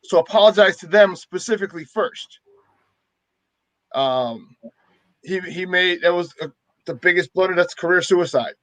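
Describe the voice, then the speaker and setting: A man's voice: sits high, moderate pace, pauses often, fairly bright tone, no room sound, rough recording. A man co-hosting a sports talk show, emphatic and repeating words for stress. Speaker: co-host.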